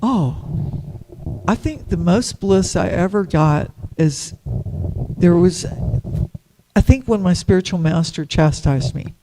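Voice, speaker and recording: A woman's voice: fairly low pitch, animated, slow pace, long pauses, noisy background. A woman giving a devotional class at a temple, chatty and storytelling, laughing often.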